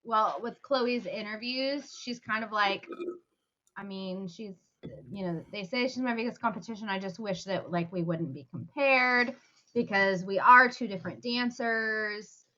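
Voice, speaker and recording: A woman's voice: mid-range voice, unhurried, sharp tone, muffled recording. A woman co-hosting a casual podcast, speaking thoughtfully with some hesitation. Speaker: podcast co-host.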